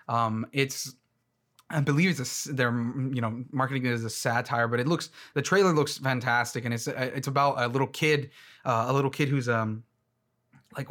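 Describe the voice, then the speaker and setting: A man's voice: mid-range voice, fairly bright tone. A young man with a mid-range voice rambles through a casual trailer reaction. He leans on fillers, restarts his sentences and laughs easily as he goes. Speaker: movie commentator.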